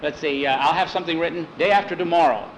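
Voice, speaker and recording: A man's voice: fairly high pitch, fast, reverberant, a little hiss or hum, natural voice, rough recording. A man voicing an eager, bossy boy who organizes everyone in a story. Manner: enthusiastic, pushy.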